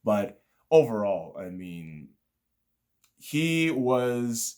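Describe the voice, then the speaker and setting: A man hosts a casual review of a basketball game with a voice of ordinary, middling pitch. He swears constantly and sounds excitable. He rattles off player stats in quick runs.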